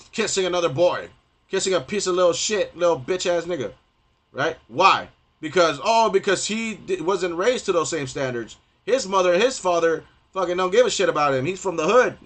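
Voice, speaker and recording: High-voiced ranting male streamer. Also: expressive, normal speed, fairly bright tone. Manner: profane, repetitive, stumbling restarts. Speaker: gaming streamer. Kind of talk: rambling rant on stream.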